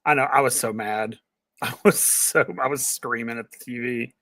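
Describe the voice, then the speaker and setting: A man's voice: mid-range voice, fairly even intonation, moderate pace, sharp tone, dry recording, studio quality. A man co-hosting a wrestling podcast, venting bluntly in casual chat. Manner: blunt, emphatic, vents with laughs.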